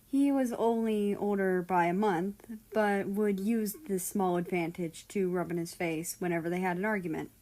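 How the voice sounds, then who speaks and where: A woman reading a fan fiction story aloud in a steady, storytelling way. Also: medium pitch, normal speed, few pauses. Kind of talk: scripted narration of a fan story.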